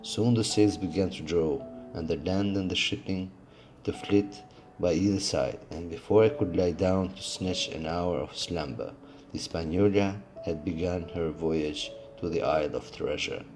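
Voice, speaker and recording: Deep-voiced man reading a novel aloud. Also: normal speed, music in the background. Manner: steady reading with occasional slips and restarts. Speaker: audiobook reader.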